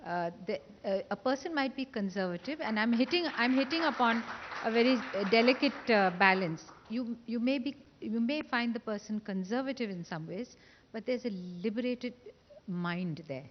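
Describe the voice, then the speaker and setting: Woman on a panel thinking out loud, slow-ish, roomy dull sound. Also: fairly high pitch, lively intonation, slight background noise. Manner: measured, thoughtful, hesitant.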